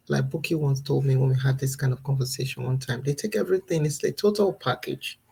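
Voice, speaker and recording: A woman's voice: sits low, mellow, breathy edge, low-quality recording. A woman in her thirties, a mother sharing earnest, reflective thoughts in a casual live video and laughing now and then between points. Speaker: parenting vlogger. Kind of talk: casual live-stream talk.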